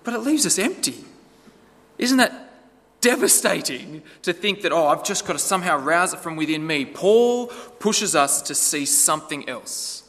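A man's voice: on the high side, expressive, moderate pace, fairly bright tone. A man preaching a sermon in a conversational way, asking the listeners rhetorical questions. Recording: long hall reverb.

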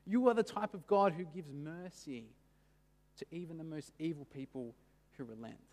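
A preacher voicing a bitter, indignant old prophet. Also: male voice, fairly high pitch, normal speed, a little mellow, a little hiss or hum, close to an everyday voice. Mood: exasperated. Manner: exasperated, complaining to God. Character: indignant ancient male prophet, bitter, self-righteous. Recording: long church hall reverb.

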